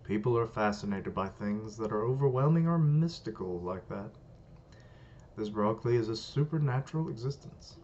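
A man's voice: fairly low pitch, lively intonation, moderate pace, darkish tone, close to an everyday voice. A man voicing a smug, scheming male spirit, reading comic dialogue aloud in a coaxing, persuasive way. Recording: dull lo-fi, faint hiss.

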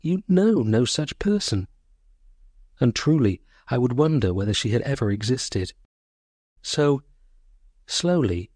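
A man narrating a short story as an audiobook, in a measured, sorrowful first-person voice. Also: mid-range voice, darkish tone, dry recording, studio quality.

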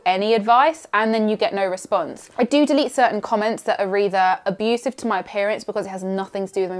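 A young woman from Surrey with a southern English accent, talking casually and sarcastically as she reads out comments. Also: mid-range voice. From Surrey, England. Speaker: singer and YouTuber. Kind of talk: casual vlog reading comments.

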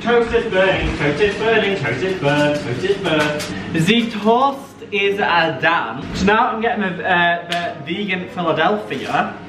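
A young man chats playfully to the camera as he cooks at home, his voice high and bouncing all over the place. He sounds set back from the mic in a roomy kitchen, with clear music playing behind him. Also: animated, unhurried, distant mic, noisy background. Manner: chatty, playful, talks to the camera while cooking. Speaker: vlogger. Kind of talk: casual food vlog chat.

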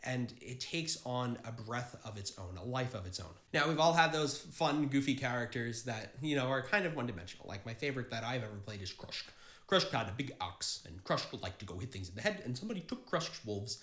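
A man's voice: mid-range voice, expressive, fairly quick, fairly bright tone. Earnest man explaining roleplay, roomy echo. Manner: earnest, encouraging, talks straight to viewers. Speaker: tabletop gaming channel host. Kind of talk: explainer monologue to camera.

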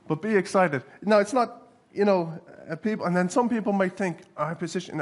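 A male pastor delivers a sermon in a church hall, earnest and animated. His voice sits a touch high for a man and has a husky, breathy edge. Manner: earnest, animated, with sudden bursts of laughter.

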